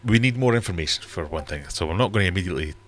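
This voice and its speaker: A man's voice: low-pitched, expressive, racing. A Geordie man hosting a casual livestream chat, rambling and reading out viewers' comments. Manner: rambling, chatty, reads out comments. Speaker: livestream host. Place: home fish room.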